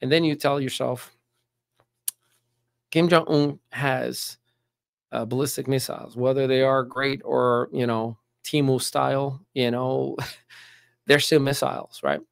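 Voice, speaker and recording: A man's voice: medium pitch, level tone, unhurried, gravelly, long pauses, dry recording, clean studio sound. A man, middle-aged, chatting emphatically about politics as a podcast guest and often repeating words as he starts a sentence. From United States. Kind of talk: casual political chat.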